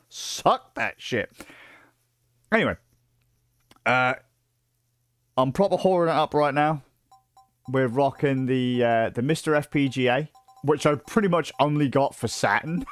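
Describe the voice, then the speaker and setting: A man's voice: mid-range voice, smooth, no room sound. Swearing British man telling stories. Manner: profane, excitable storytelling with many fillers. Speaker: livestreamer. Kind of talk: casual rambling stream chat.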